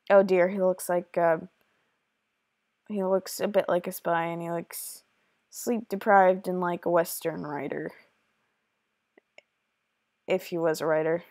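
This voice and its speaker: A woman's voice: on the low side, steady tone, a little mellow, no echo, clean studio sound. Chatty woman narrating her gameplay. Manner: chatty, apologetic, halting with fillers. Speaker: gaming video creator. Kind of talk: casual game commentary.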